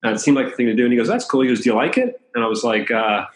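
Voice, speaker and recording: A man's voice: mid-range voice, big pitch swings, very fast. A man from the Washington, D.C. area who works as a chiropractor, telling casual, anecdotal stories in an interview and laughing between them. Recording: roomy echo.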